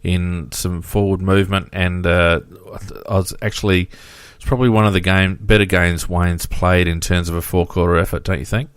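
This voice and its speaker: Man, very low voice, dry close mic, casual footy podcast chat. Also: fairly even intonation, clean tone, no echo. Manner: measured, reads out stats, frequent fillers. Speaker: podcast co-host.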